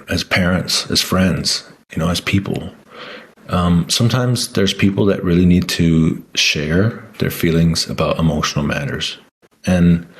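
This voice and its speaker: A man's voice: deep voice, gravelly, husky. A man talking casually to camera in a rambling way, with many restarts and fillers. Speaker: vlogger.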